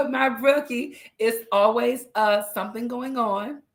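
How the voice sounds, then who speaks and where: A woman's voice: on the high side, slow pace. Woman, livestream host, casual chat, chatty, laughs a lot. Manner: chatty, laughs often, greets viewers by name.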